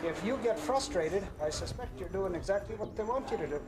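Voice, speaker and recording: A man's voice: high voice, expressive, brisk, very noisy. A man on the street sternly lecturing a prankster about privacy. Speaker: passerby. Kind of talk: street argument.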